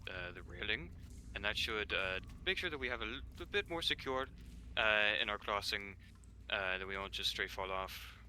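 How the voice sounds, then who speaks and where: A man playing a tabletop game, explaining his character's plan with many pauses and fillers. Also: lowish voice, lively intonation, sharp tone, a little hiss or hum. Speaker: player.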